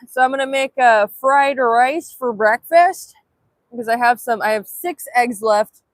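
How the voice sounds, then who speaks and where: A woman's voice: fairly high pitch, a little slow, dry recording. A young woman chatting casually on a livestream outdoors at sunrise, reading chat aloud in a playful way, filmed on a handheld phone. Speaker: livestream vlogger.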